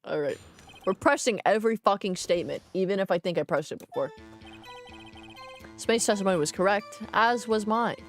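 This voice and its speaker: A woman's voice: mid-range voice, lively intonation, moderate pace, soft background music. A woman streaming a game in casual commentary, playful and cursing, reading the game's text aloud as she goes.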